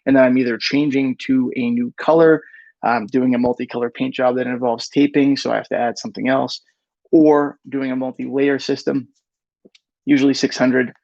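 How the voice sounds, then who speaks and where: Gravelly-voiced man answering viewer questions. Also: medium pitch, little pitch movement, normal speed, darkish tone, no room sound, muffled recording. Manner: reads chat questions aloud, self-corrects with "rather". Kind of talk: live Q&A, casual.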